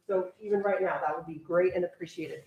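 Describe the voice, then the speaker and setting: A young woman orchestra teacher directing a string rehearsal, briskly counting off and coaching her players. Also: lowish voice, distant mic, dull audio. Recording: echoey room, voice from afar, strings playing.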